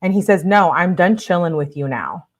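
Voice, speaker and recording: A woman's voice: lowish voice, animated, moderate pace. Casual woman reading texts aloud. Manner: reads messages aloud with blunt asides. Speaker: commentator reading text messages aloud.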